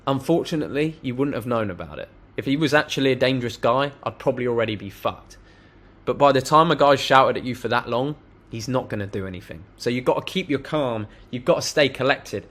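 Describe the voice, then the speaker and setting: A man's voice: medium pitch, a bit bright. Blunt, swearing young man giving advice. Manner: blunt, swears casually, storytelling. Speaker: self-improvement vlogger. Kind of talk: direct-to-camera advice monologue.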